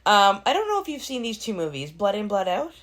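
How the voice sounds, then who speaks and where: A woman's voice: mid-range voice, brisk. A middle-aged woman co-hosting a podcast, chatting casually and telling stories with lots of acted-out quotes. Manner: animated storyteller who acts out quoted voices. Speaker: podcast co-host. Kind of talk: casual chat.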